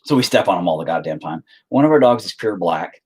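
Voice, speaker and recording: A man's voice: low-pitched, lively intonation, fast, a little mellow, slightly rough. A man chatting casually while he paints, rambling and joking with frequent swearing. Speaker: painting streamer.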